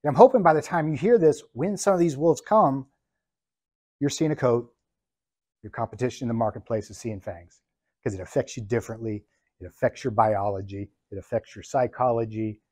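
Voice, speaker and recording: A man's voice: medium pitch, warm tone, no room sound. Man lecturing in a dry, close sound. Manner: emphatic, deliberate, ticks through points one by one. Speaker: business coach. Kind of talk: lecture to business students.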